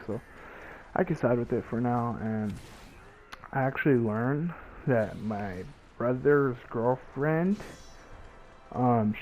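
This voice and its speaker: A man's voice: mid-range voice, slight background noise, poor audio. A young man telling a story in casual, profane speech, acting out what people said. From Mexican family. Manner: profane, animated retelling with acted quotes.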